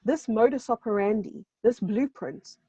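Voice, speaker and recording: Emphatic woman from South Africa, mellow tone. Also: a little high, measured pace, husky, no echo, highs cut off. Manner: emphatic, repeats phrases for stress. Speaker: show co-host. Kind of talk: casual video-call chat. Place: home in a seaside village.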